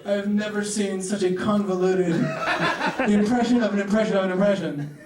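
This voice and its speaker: A man's voice: high-pitched, fairly even intonation, moderate pace, a crowd in the background. A man hosting a comedy club show, talking loosely and mocking himself between acts. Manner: loose, rambling, self-mocking delivery. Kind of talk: stand-up hosting and crowd work. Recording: roomy club sound from a distance.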